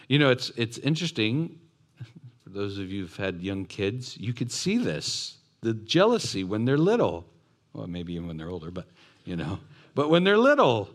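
A man's voice: on the low side, very animated, normal speed, fairly bright tone. A man preaching a sermon who acts out the voices and asks his congregation questions. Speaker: pastor.

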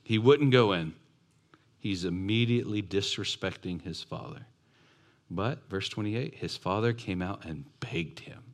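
A man's voice: deep voice, a little slow. A man preaching a sermon who acts out the voices and asks his congregation questions. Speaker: pastor.

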